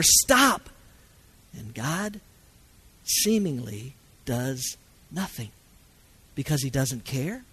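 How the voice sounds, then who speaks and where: Preaching man with a sweeping, dynamic delivery. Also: a little high. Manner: dynamic preaching, swings from loud calls to hushed pauses. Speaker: pastor. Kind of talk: sermon.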